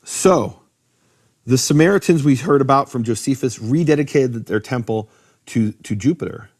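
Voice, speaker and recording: A man teaches about biblical names, explaining what Hebrew names mean in an animated, conversational lecture. Speaking at medium pitch and moderate pace, he poses rhetorical questions and often starts his sentences over.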